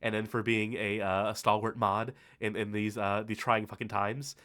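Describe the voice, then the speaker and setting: A man's voice: lowish voice, level tone, a bit bright. A man hosting a live stream, thanking his co-hosts in a rambling, heavily swearing way, tired and emotional, full of fillers and restarts. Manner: heavy swearing, rambling, halting with many fillers. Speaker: host. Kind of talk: casual stream thank-you speech.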